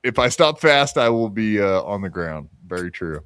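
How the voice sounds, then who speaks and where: A man's voice: fairly low pitch, very animated, normal speed, fairly bright tone, clear, resonant tone, no room sound. A man hosting a podcast in casual, crude chat, rambling with lots of fillers and poking fun at himself. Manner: rambling, crude, self-mocking, many fillers. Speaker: podcast host.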